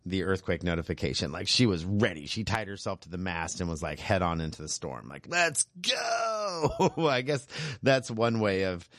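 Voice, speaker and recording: A man with a fairly low voice hosts a radio show, talking casually between tracks. He sounds relaxed and chatty and laughs easily at his own asides. The studio sound is close and completely dry. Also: a little fast, dry recording. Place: radio booth. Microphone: studio microphone with headphones.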